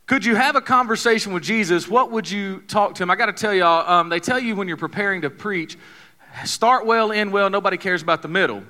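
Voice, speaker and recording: A man's voice: high voice, brisk, sharp tone. A man, preaching a sermon in a folksy, joking, conversational way, telling a story to his congregation. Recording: long hall reverb.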